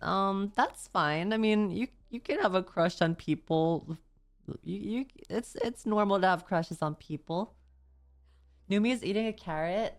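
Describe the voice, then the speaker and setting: A woman streamer with a mid-range, slightly slow voice chats casually on a livestream and reads viewer confessions and messages aloud. She stammers and swears often.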